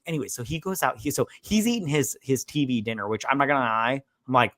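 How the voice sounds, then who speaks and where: A man's voice: medium pitch, fast, few pauses, no room sound. Brief: man, podcast co-host, casual and crude, voice in the middle range, dry close sound. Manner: animated, profane, acts out characters in quotes. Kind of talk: casual movie review chat.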